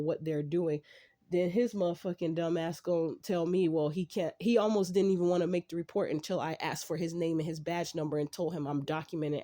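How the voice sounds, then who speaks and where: A woman ranting to her camera, aggravated and rambling, with frequent profanity. Her voice is dark and mellow. She keeps breaking off and restarting her sentences. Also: deep voice. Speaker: vlogger. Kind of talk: casual venting to camera.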